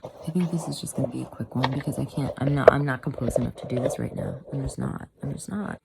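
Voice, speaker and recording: Woman vlogger, angry heated rant, low pitch, gravelly fry. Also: fairly even intonation, quick pace, very noisy. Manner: heated, fired-up ranting. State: shaking with anger. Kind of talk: angry personal commentary. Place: home room, bad lighting.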